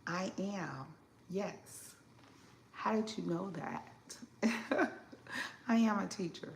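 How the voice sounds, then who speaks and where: A woman from southern Illinois hosting a casual live stream from her home kitchen, unhurried and chatty as she answers viewers with plenty of fillers. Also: medium pitch, gravelly, roomy sound, slight background noise. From southern Illinois, Midwest.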